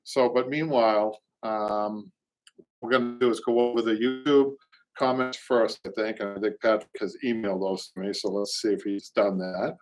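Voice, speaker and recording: Speaking at a normal speed with a lowish voice and fairly even intonation, this Boston-accented upholsterer in middle age hosts a live show. In casual chat he wanders from point to point, says words over again, and reads out comments from viewers.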